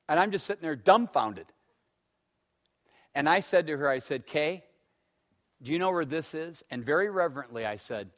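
A man preaching a sermon, telling stories and swinging between loud emphatic stretches and hushed ones. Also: a little high, lively intonation, moderate pace, pauses often. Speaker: pastor.

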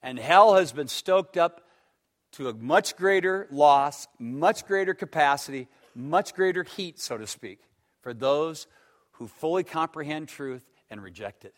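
A man preaching a sermon, telling stories and swinging between loud emphatic stretches and hushed ones. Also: a little high, animated, measured pace. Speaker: pastor.

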